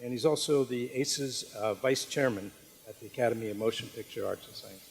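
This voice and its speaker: Host introducing with long hall reverb. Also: male voice, mid-range voice, fairly quick, vocal fry, husky. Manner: hesitant, frequent uh fillers. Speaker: event host introducing speaker. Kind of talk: speaker introduction. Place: theater.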